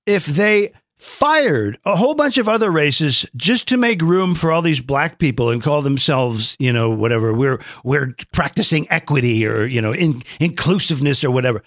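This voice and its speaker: A middle-aged man with a fairly high voice talks emphatically, and his pitch swings widely. He restarts his sentences often as he pushes his points. The sound is dry and close. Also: animated, moderate pace, hardly any pauses, fairly bright tone, no room sound. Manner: emphatic, with frequent restarts and acted quotes. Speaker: advertising voice actor, guest. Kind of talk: opinionated conversation.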